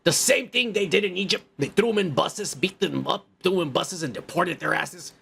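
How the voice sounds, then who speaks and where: A man's voice: high-pitched, brisk, gravelly, pushed and bright, slight background noise. A male podcast host ranting in crude, heated commentary, swearing and repeating himself.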